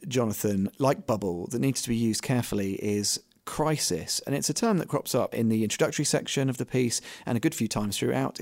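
A male host introduces the panel and asks questions in a crisp, formal manner. His pitch moves a lot. The studio sound is dry. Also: darkish tone, dry recording. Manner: crisp, formal presenter delivery. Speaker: radio host. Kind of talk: scripted introduction and interview questions.

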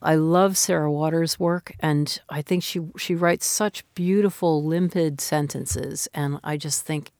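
A woman's voice: low-pitched, steady tone, moderate pace, few pauses, a little mellow, dry recording, clean studio sound. A woman in her fifties, a novelist speaking in an interview, talking in a thoughtful, reflective, conversational way. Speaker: novelist guest.

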